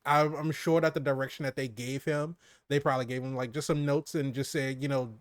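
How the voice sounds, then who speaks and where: A man co-hosting a casual movie review chat, animated and laughing often, his voice dropping low for emphasis. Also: moderate pace, no room sound, studio quality.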